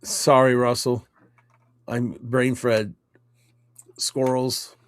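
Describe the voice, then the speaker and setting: A man co-hosting a casual chat show, rambling and halting with many fillers. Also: mid-range voice, level tone, no echo, clean studio sound. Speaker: co-host.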